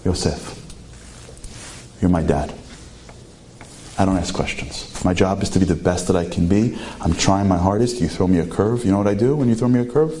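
A man voicing a grieving young immigrant who prays in a hushed, earnest voice. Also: low voice, slight background noise, lightly acted.

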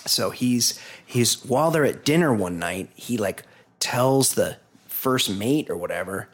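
A man's voice: fairly low pitch, expressive, measured pace, slightly rough. A man co-hosting a podcast, telling a news story in a rambling, profane way, with lots of fillers. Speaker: podcast co-host. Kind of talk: casual chat.

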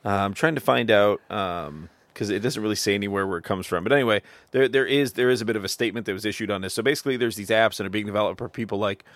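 A man's voice: lowish voice, fast talker, few pauses, fairly bright tone, no room sound. A man hosting a casual podcast, reading out news with lots of fillers and frequent laughter. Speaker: podcast host. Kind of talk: casual chat.

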